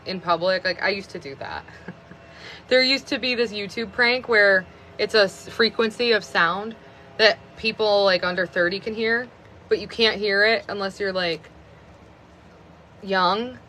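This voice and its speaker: A woman of about thirty talks into her phone on a live stream. Her voice is bright and a little sharp, and she rambles casually, stringing thoughts together with frequent fillers of "like.". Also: medium pitch, moderate pace, slight background noise. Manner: rambling, chatty, many fillers of "like".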